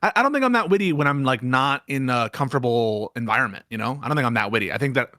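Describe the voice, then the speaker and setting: A man's voice: medium pitch, expressive, fast talker, pushed and bright, no echo, studio quality. A man co-hosting a casual chat, self-doubting and rambling with many restarts. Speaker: co-host and debater.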